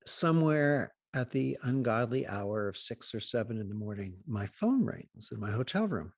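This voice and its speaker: A man hosting a healing program, telling humorous anecdotes with wry asides and pauses. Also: mid-range voice, sing-song, no echo, clean studio sound. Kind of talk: humorous storytelling talk.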